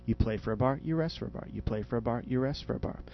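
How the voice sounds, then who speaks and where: A man's voice: mid-range voice, rapid-fire, dull audio, slight background noise. A man teaching jazz improvisation in a podcast audio lesson, explaining patiently and demonstrating spoken question and answer inflections.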